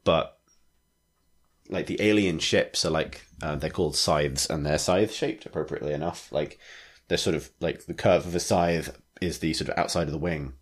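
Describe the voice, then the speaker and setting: A man with a low, deep voice talks in casual podcast chat. He rambles enthusiastically, full of likes and restarts, as a regular co-host. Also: moderate pace, breathy edge. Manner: rambling, enthusiastic, many fillers.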